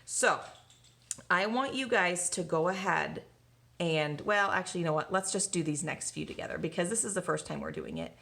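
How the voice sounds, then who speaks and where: A woman's voice: lowish voice, vocal fry, fairly bright tone. A woman teacher giving a recorded grammar lesson to young children, patiently asking questions and answering them herself. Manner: slow, patient, asks and answers own questions.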